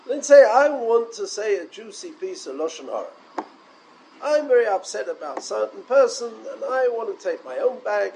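A man giving a Torah lecture, animated and full of rhetorical questions, mixing in Hebrew and Yiddish terms. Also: sits high, a little hiss or hum, rough recording. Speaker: rabbi.

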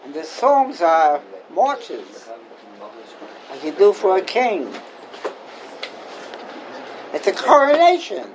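A man's voice: high-pitched, big pitch swings, slow pace, long pauses, background noise. A man teaching an informal Torah class as a rabbi, questioning and emphatic, repeating his key points.

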